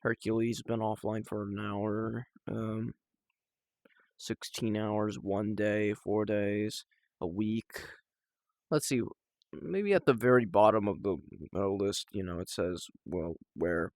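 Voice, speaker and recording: A young man talking casually and personally to the camera at home, halting and emotional, with sighs and restarts. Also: fairly low pitch, darkish tone, no echo, clean studio sound. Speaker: vlogger.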